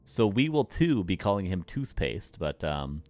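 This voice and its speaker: Deep-voiced, playful male game caster. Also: big pitch swings, unhurried, darkish tone, dry recording. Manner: joking, playful, chats with viewers. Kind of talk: live replay commentary.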